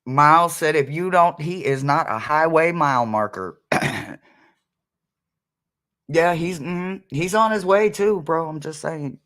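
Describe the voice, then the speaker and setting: A man's voice: fairly high pitch, takes it slowly, long pauses, fairly bright tone. A man hosting a casual livestream as a psychic medium, chatty and laughing often as he talks to his viewers.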